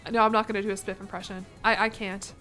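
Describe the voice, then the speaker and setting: A woman streaming a game, chatting casually in a rambling, jokey way full of quick asides. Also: mid-range voice, little pitch movement, pushed and bright, faint music behind. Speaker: VTuber streamer. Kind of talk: casual livestream commentary while gaming.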